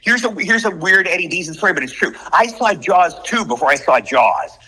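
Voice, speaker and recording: Fast, bright-voiced man telling stories. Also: high-pitched, slightly rough, low-quality recording. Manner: animated anecdotes, puts on voices in quotes. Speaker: actor guest. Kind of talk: casual interview storytelling.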